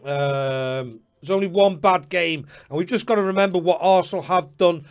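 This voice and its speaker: A man hosting a live fantasy football stream, chatting to viewers by name with quick apologetic asides. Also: sits high, clear, resonant tone. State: slightly out of breath. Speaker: host.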